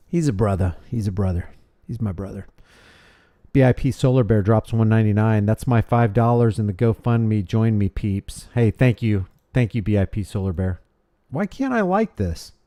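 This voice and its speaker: A man's voice: on the low side, mellow. A man hosting a casual livestream, rambling and thanking viewers by name as he reads their messages. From United States. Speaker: livestream host. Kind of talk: casual livestream chat reading super chats.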